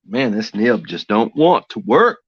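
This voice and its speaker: A man's voice: lowish voice, big pitch swings, measured pace, husky, dry recording. A man chatting casually and rambling easygoing while he draws live for his stream. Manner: rambling, easygoing, talks to himself while working. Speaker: artist streaming a drawing session. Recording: dull, dry lo-fi sound.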